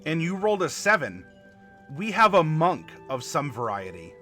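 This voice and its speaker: Man, game master on a live stream, halting and filler-heavy, sharp bright tone, soft music underneath. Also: a little high, sing-song. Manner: halting, with frequent fillers, spelling out dice commands for viewers. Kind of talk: live-streamed tabletop worldbuilding, talking to chat.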